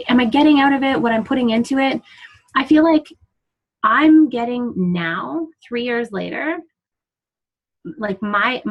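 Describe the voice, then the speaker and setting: A woman's voice: medium pitch, slightly rough, rough recording. A woman in her thirties, a fitness coach, giving a candid and emotional motivational talk on a team call, with casual swearing. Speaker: fitness coach guest speaker. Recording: call audio.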